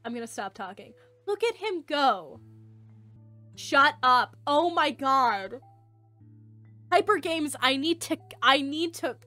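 High, gushing young woman gamer. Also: sharp tone. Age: late teens. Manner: gushing, squealing, swearing. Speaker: let's play streamer. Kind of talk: excited gaming commentary.

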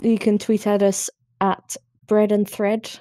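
A woman's voice: mid-range voice, flat delivery, a little slow, dark tone, no echo, studio quality. A young woman with a northern English accent co-hosting a podcast in an easygoing, casual way. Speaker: podcast co-host. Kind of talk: casual chat.

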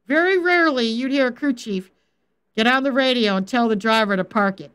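High-pitched lady faith coach, middle-aged, talks straight to her chat, firm but loving. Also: moderate pace, a bit bright, clean tone. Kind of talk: livestream Bible teaching.

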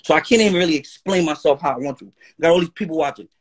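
Guy going off on a livestream, cursing a lot, high husky voice. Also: racing. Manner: profane, animated, keeps asking "you heard?". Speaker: guest on a live stream. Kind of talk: heated livestream rant.

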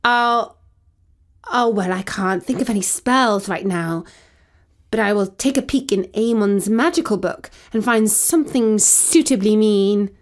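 A woman's voice: mid-range voice, measured pace. A woman reading a children's bedtime story aloud, expressively telling it in the first person as a cat.

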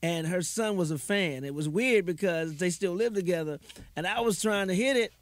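A man's voice: high voice, normal speed. A man co-hosting a podcast who talks in an emphatic, opinionated way. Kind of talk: casual podcast chat.

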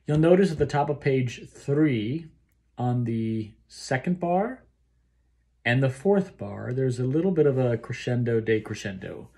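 A man's voice: mid-range voice, animated, a little slow, vocal fry, mellow. A man coaching a choir on phrasing, explaining each line and then singing it to show how it goes. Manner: explains phrasing, then sings the lines to demonstrate. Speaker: choir director. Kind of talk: choral rehearsal instruction. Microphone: solo recording for a rehearsal video.

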